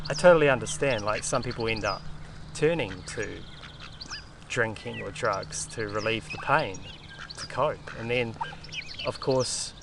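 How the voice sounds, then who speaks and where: A man, rambling loosely outdoors by the water, ending thoughts with "eh?" and cooing softly at the ducks. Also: mid-range voice. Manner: loose and rambling, full of fillers and tag "eh?". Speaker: vlogger. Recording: outdoor recording with clear ambient noise.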